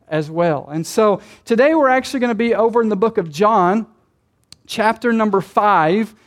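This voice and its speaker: A male pastor preaching a sermon in a conversational way, asking rhetorical questions and making light jokes. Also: sits high.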